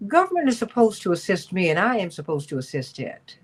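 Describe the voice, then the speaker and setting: A woman's voice: medium pitch, wildly swooping pitch, fairly quick. A woman from Chicago hosting a talk radio show, speaking emphatically and passionately. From Chicago, USA.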